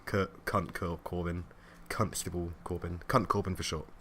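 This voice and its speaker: A young man chatting casually as co-host of a wrestling review podcast, laughing often and mimicking people in quick asides. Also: sits low, little pitch movement, fairly bright tone, a little hiss or hum.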